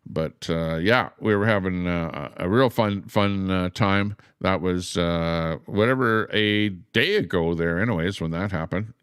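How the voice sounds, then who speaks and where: A man's voice: sits low, measured pace, hardly any pauses, a bit bright, smooth, dry recording, clean studio sound. A man hosting a casual livestream, rambling with lots of "uh" fillers and greeting chatters by name. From Canada. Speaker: livestream host.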